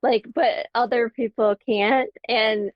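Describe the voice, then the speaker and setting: Slow-talking, higher-voiced woman co-host. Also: steady tone, dry recording, lo-fi sound. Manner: self-mocking, laughing. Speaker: podcast co-host. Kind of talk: casual chat.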